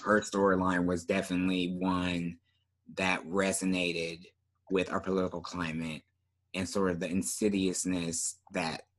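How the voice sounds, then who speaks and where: A man co-hosting a podcast in casual chat, relaxed and often trailing off with fillers. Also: sits low, a little slow. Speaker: podcast co-host.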